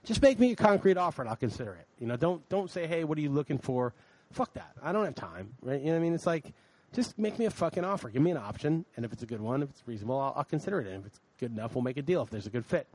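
Fast-talking ranting man. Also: a little high, a little hiss or hum. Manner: ranting, profane, animated. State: tired late at night. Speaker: podcast co-host. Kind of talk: casual chat.

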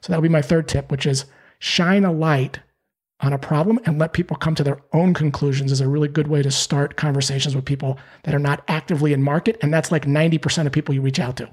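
A man with a fairly high, husky voice talks through sales advice. He is animated and slips into playful voices when he acts out calls. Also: quick pace. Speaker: sales trainer. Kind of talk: podcast interview answers.

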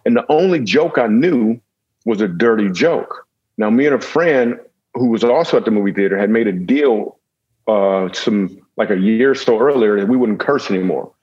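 Husky, lowish man, comedian guest, jokey storyteller, dull lo-fi recording. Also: lively intonation, normal speed, darkish tone. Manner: jokey, with self-deprecating asides. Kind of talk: humorous storytelling in a conversation.

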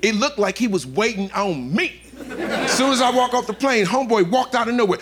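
A man doing a profane, animated stand-up comedy set in front of a live audience, acting out the people in his stories. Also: very high-pitched, a little fast, a little hiss or hum. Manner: animated storytelling, profane, acts out characters. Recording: live club set with loud crowd laughter.

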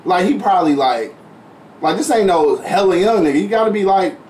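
A man casually telling a story on a podcast, profane and animated, acting out what people said. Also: sits high, a little fast, recorded from a distance, slight background noise. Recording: roomy echo, a bit off-mic.

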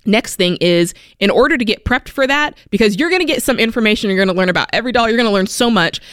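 Energetic woman radio host, smooth clear voice. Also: fast talker, no room sound, studio quality. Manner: energetic, animated, acts out quotes in a higher voice. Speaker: radio money show host. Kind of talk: upbeat motivational radio talk.

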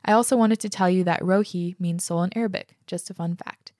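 A woman's voice: on the low side, fairly even intonation, brisk, darkish tone, no room sound, clean studio sound. A young woman hosting a casual podcast, reading listener letters aloud and chatting about them, enthusiastic and swearing freely. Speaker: podcast host.

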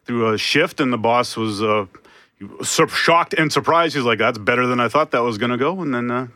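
A man's voice: medium pitch, normal speed, bright, forceful tone, no echo. A man who works as a radio news anchor, chatting casually on air in a laid-back, self-deprecating way. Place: radio studio.

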